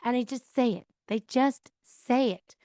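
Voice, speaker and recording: A woman's voice: fairly high pitch, unhurried, dark tone, no room sound, clean studio sound. Chatty woman giving casual advice. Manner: chatty, acts out quoted replies, laughs often. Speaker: podcast host. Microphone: mic on a counter.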